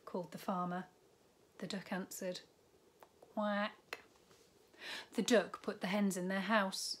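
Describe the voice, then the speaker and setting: A woman primary school teacher reading a picture book aloud to young children, gently pausing for asides about the pictures. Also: medium pitch, fairly even intonation, slightly rough.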